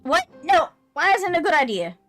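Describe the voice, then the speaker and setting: A woman puts on an eager child from a cozy game, hotheaded and pushy. The kid rattles off pleas in a quick, excited rush. Faint music sits in the back. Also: extremely high pitch, voice pushed up, heavily acted.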